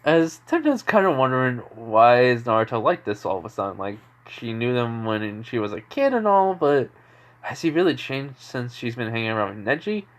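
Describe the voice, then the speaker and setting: A young man telling an improvised fan story in a loose, rambling way, full of fillers and asides. His voice sits at an ordinary middle pitch for a man. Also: sing-song, normal speed. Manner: rambling, filler-heavy, chuckling. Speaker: amateur storyteller.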